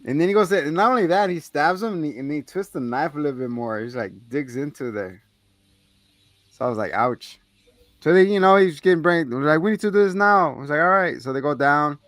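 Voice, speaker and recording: A man's voice: fairly high pitch, expressive, brisk, fairly bright tone, no room sound. A man hosting a podcast, casually recapping a movie scene by scene, swearing freely and acting out the characters' lines in a raised voice. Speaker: podcast co-host.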